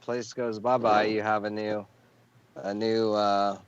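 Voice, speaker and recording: A man on a casual podcast over a video call, laid-back and easily excited, calling everyone dude. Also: fairly low pitch, takes it slowly, highs cut off, a crowd in the background. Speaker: podcast co-host. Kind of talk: casual chat.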